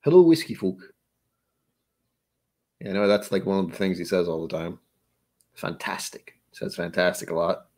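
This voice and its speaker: A man's voice: low-pitched, flat delivery, quick pace, few pauses. A man hosting a casual chat, rambling and self-mocking, who now and then slips into joke accents. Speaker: host.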